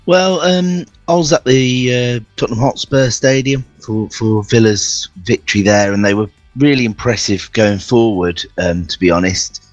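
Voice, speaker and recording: A man giving football predictions on radio, measured and hesitant, with frequent fillers. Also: mid-range voice, no echo, soft background music. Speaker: football pundit. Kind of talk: casual radio chat.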